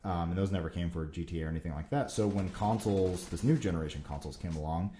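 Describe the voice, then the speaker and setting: A man's voice: low voice, fast talker, warm tone, a little hiss or hum. A man hosting a casual Q&A, answering viewer questions in a rambling, enthusiastic way with lots of fillers. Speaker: Q&A show host. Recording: roomy echo.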